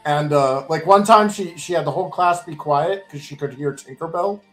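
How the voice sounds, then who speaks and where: A man's voice: fairly high pitch, moderate pace, loud music behind the voice. A man on an online panel call, telling a casual story with lots of laughter and acted-out voices and sound effects. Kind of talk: casual group chat.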